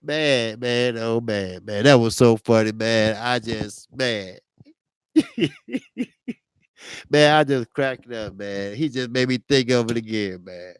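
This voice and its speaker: A man with a medium-pitched, smooth voice hosts a casual boxing talk livestream, recorded at studio quality with no echo. He tells a funny story full of slang, laughing often and tagging his lines with a drawn-out, repeated "man."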